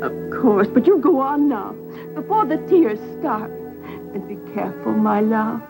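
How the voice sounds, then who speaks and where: A fond, fluttery sweetheart in an old western film. Her voice is high and swings widely in pitch. Clear music plays beneath her. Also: animated, unhurried, poor audio. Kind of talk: 1970 western film acting.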